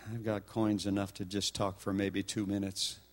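An older man preaching, telling a story with animated acted-out dialogue and laughter. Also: lowish voice, moderate pace. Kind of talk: sermon storytelling.

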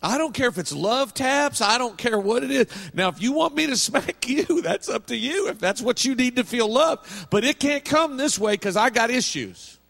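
A man's voice: extremely high pitch, expressive, moderate pace, gravelly, hardly any pauses, a bit bright. A middle-aged male pastor preaching a sermon in a folksy, humorous storytelling way.

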